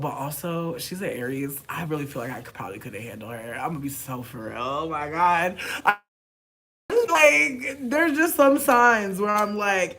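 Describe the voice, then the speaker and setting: A man chatting casually to camera, animated and profane, swinging from loud outbursts to mumbled asides. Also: fairly high pitch. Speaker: vlogger.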